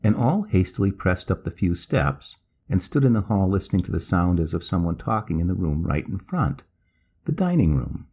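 A man narrating a classic ghost story, reading it with lively delivery and acting out the characters' lines. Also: low-pitched, normal speed, husky. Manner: lively, acts out quoted speech in narration.

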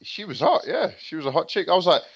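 A man's voice: a little high, big pitch swings, fast talker, slightly rough. A young British man, a fighter guest on a casual podcast, who tells stories and acts out quoted lines. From Britain. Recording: dull lo-fi sound.

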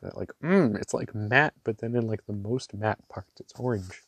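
A man in an excitable, gushing home vlog, talking up close in a dry room. His voice sits fairly low. He bursts into delighted praise often. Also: normal speed, slightly rough, dry recording. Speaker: ink reviewer. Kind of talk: casual show-and-tell vlog.

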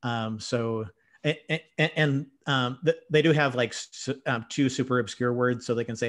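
Guy hosting a chat, mid pitched, stumbles and restarts a lot. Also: fairly bright tone. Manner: stammering, many quick restarts. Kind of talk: casual conversation.

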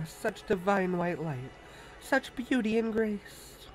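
A man's voice: high voice, poor audio. A man reading a serene female tree spirit. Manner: slow, solemn and reverent. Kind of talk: reading game dialogue aloud.

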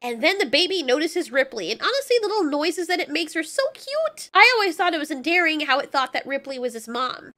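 Woman host, high and bright, chatty gushing film recap, casual swearing. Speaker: movie review channel host.

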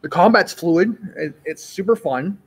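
A man co-hosting a casual gaming podcast, enthusiastic and profane, with halting restarts. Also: high-pitched, breathy edge.

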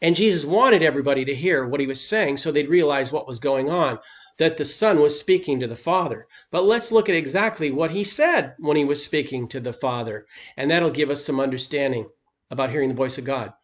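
Emphatic male preacher, higher-pitched voice. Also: fairly quick. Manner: emphatic preaching, voice lifting on key points. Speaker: pastor. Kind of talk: sermon.

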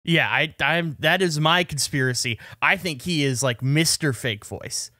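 A man's voice: on the high side, measured pace, pushed and bright, no echo, clean studio sound. A man co-hosting a podcast, chatting casually in a wry, conspiratorial way. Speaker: podcast co-host. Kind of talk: casual chat.

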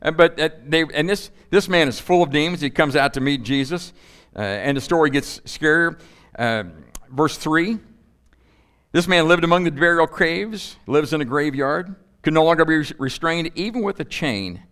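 Man preaching an animated sermon. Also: a little high, moderate pace, smooth. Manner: animated, rhetorical questions, playful asides. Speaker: pastor. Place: church.

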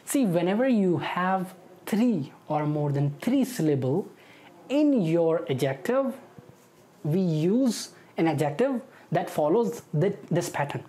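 A woman's voice: on the low side, expressive, slow, warm tone. A woman with an Indian English accent teaching an online grammar lesson, explaining patiently and checking in with "okay" and "right".

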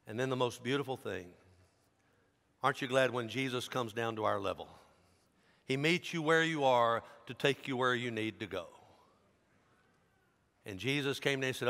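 A man, a pastor preaching a sermon in an animated, dramatic storytelling manner. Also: medium pitch, normal speed, gravelly, pauses often. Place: large church sanctuary. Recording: long church hall reverb.

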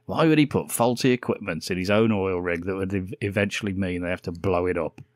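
A man's voice: deep voice, brisk, dry recording, clean studio sound. A man co-hosting a podcast in casual comedic chat, laughing often as he tells stories. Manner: laughs often, animated storytelling. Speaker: podcast co-host.

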